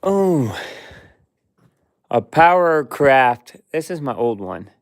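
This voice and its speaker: A man's voice: mid-range voice, big pitch swings, no echo. A man rambling to himself in casual running commentary while cleaning out a cluttered workshop. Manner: slow, rambling, talks to himself and his dog. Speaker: vlogger cleaning his workshop.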